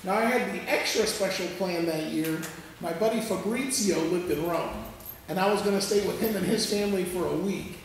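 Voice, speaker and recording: A man preaching a sermon as a pastor, telling a story in an animated, conversational way and checking in with listeners as he goes. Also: sits high, moderate pace, a little hiss or hum. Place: church sanctuary. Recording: echoey church hall from far off.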